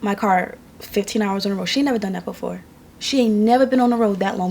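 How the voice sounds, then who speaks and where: In this casual storytelling vlog, a young woman from New York talks fast in a mid-range, slightly mellow voice. She's indoors at home, telling the camera a personal story in a candid, emotional, conversational way.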